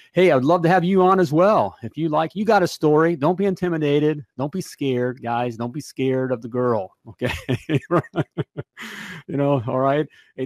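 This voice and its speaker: A man's voice: mid-range voice, darkish tone, no room sound. A man hosting a podcast and wrapping up the show in a rambling, upbeat way, with lots of fillers. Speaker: podcast host. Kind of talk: casual show wrap-up.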